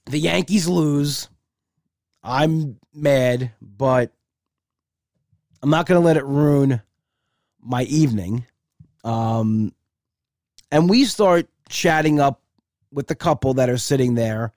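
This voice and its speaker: A man's voice: mid-range voice, lively intonation, a little slow, long pauses, darkish tone, no room sound, studio quality. A male comedian telling a story casually and chattily, acting out both sides with repeated "I said".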